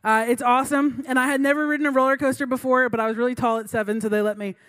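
A woman's voice: high voice, fairly even intonation, racing, fairly bright tone. A young adult woman giving a sermon through a funny personal story, chatty and self-mocking, laughing between lines. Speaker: preacher.

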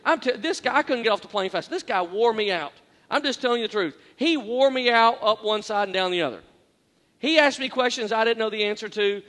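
A man preaching a sermon as a pastor, earnest and self-deprecating, repeating phrases for emphasis and swinging between quiet and loud. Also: sits high. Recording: long echoing hall reverb.

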